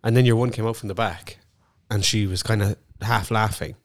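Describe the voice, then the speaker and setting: A man's voice: fairly low pitch, steady tone, brisk, dry recording, studio quality. A young man with a Cork Irish accent, co-hosting a casual podcast chat and telling stories animatedly, acting out other people's lines. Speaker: podcast co-host.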